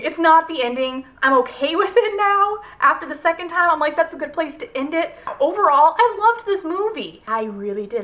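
High, bright, chatty woman vlogger. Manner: chatty and rambling, many fillers; gushing, emotional. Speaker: book vlogger. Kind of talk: casual video review.

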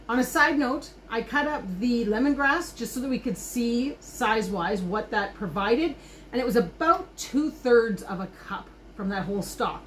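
An enthusiastic woman with a fairly high voice talks through her garden and a recipe in a casual, chatty way. She explains each step as she goes, and faint crickets and insects chirp behind her. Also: slight background noise. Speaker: homesteading vlogger. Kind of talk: casual cooking and garden vlog. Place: garden outdoors, then kitchen.

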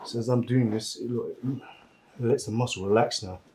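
A man's voice: mid-range voice, moderate pace, a little mellow, roomy sound, slight background noise, low-quality recording. A man working as a massage therapist, chatting casually and laughing often while he massages. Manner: laughs often, loose slangy storytelling.

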